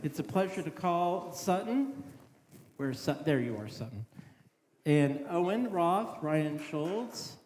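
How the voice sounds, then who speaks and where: Joking rabbi in an echoey sanctuary. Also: male voice, on the high side, sing-song, slow. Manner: warm-humored, casual, joking with the congregation. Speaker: rabbi leading the service. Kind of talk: officiating a synagogue service. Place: synagogue sanctuary. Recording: echoey sanctuary with faint noise.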